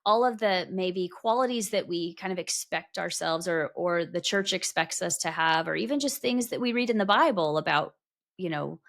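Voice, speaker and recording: In a casual interview on her podcast, the host speaks at a moderate pace with a low voice and vocal fry. She asks long, thoughtful questions, correcting and rephrasing them along the way.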